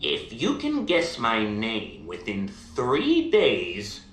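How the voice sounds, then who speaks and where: A man voicing a scheming little male imp in a bedtime story, dropping low and sly, in a roomy room. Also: huge pitch swings, drawn-out words, a bit bright, faint music behind, exaggerated voice. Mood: demanding. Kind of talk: bedtime story, acted out by a parent.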